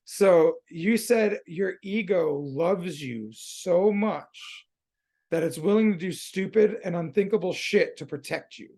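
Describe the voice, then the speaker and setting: Laid-back gravelly man hosting a podcast. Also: high-pitched, takes it slowly, darkish tone. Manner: laid-back, slangy, swears freely. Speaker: podcast host. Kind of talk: casual conversation.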